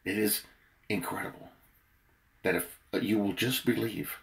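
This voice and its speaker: Worn-out preacher, low voice, earnest emphatic devotional reading, loudness rising and falling. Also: male voice, measured pace, vocal fry. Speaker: preacher leading a daily prayer. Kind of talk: devotional sermon with scripture reading.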